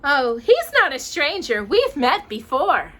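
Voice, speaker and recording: Storybook princess, sixteen and lovestruck, high and bright, lilting singsong delivery, read aloud by a mother. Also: wildly swooping pitch, slow, exaggerated voice. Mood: dreamy. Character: sweet dreamy teenage princess, lovestruck and gentle.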